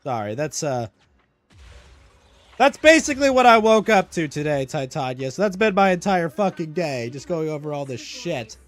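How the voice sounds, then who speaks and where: A man's voice: a little high, sing-song, moderate pace. A male streamer ranting casually on a live stream, cursing a lot and sounding exasperated and sarcastic.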